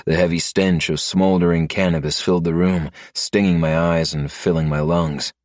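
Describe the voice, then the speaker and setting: Man, very low voice, steady storytelling, dry close recording. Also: moderate pace, no echo. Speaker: narrator. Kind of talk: scripted narration.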